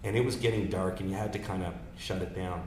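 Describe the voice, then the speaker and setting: Guy in his 30s spinning campaign stories, lowish voice, echoey room with a bit of hiss. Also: quick pace. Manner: storytelling, many restarts and fillers, animated. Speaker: political strategist, guest. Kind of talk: anecdotal casual talk. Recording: echoey room with faint noise.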